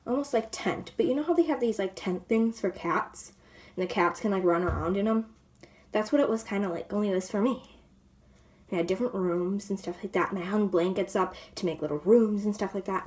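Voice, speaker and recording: Woman, vlogger, casual storytelling, rambling, filler-heavy, occasional whisper. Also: medium pitch. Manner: rambling, full of "like" and "you know"; drops to a soft whisper at times.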